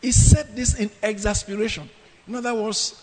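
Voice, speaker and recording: A man's voice: high voice, steady tone, moderate pace, darkish tone. A man preaching a sermon, emphatic and dramatic in his scripture reading. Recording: long reverb of a hall.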